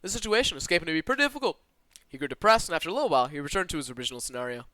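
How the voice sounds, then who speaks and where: A man with a slight Southern US twang, streaming from his own room and reading a visual novel aloud with animated asides. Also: on the high side, no echo. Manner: animated and expressive, with quick asides to chat.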